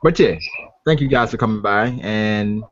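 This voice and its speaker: A man's voice: fairly low pitch, normal speed. A man hosting a casual group call stream, laughing often and reading out names from the chat. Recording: muffled stream audio with faint noise.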